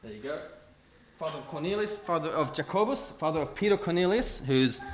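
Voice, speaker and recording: A man's voice: a little high, expressive, brisk. A man giving a casual, self-deprecating sermon into a lectern microphone in a church. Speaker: lay preacher. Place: church hall.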